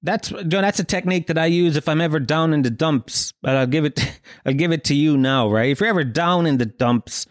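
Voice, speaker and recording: A little fast and on the high side, the voice comes from a young Irish man running his own podcast. Into a close mic and a dry recording, he tells rambling, swear-filled, jokey stories in comic-monologue style.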